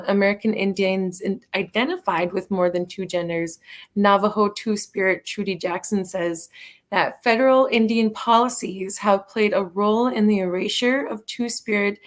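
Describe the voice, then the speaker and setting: A woman from North Dakota reading the news on a radio show, friendly and quick to laugh between steady reading. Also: medium pitch. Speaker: news reader.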